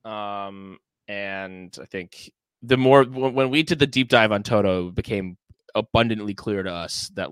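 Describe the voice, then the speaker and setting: Guy with a bright edgy voice, stumbles into his answers, super dry sound. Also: on the low side, clean tone, dry recording. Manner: halting, stammering starts, agreeable. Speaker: podcast guest. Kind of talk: casual podcast chat.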